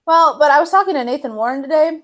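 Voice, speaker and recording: A woman's voice: high-pitched, animated, fast. A young woman chatting on a livestream while she edits video, telling stories with lots of laughs and quoted lines. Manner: bubbly storyteller, laughs often, acts out quotes. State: chewing cookies. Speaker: livestream co-host. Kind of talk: casual chat while video editing.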